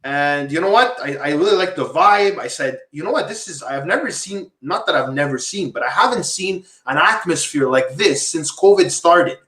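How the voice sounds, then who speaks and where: A man's voice: on the high side, animated, normal speed, few pauses, fairly bright tone. A man from Quebec hosting a casual podcast talk show, rambling, repeating himself and calling viewers "guys". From Quebec, Canada. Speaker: podcast host. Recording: echoey room.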